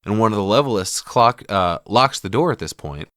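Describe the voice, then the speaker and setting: A man's voice: on the low side, expressive, normal speed, fairly bright tone, no room sound, clean studio sound. Laid-back profane man recapping a film. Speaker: podcast co-host.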